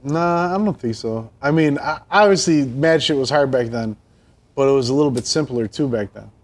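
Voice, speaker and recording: A man in casual interview chat, telling stories in a profane, animated way. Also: mid-range voice, normal speed. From Buffalo, New York. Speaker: guest. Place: his store.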